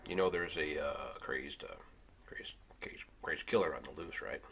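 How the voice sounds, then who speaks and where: A man's voice: a bass voice, normal speed, creaky, fairly bright tone, slight background noise, voice pushed down, full character voice. A man voicing a suspicious male state trooper who drawls and hesitates with his questions.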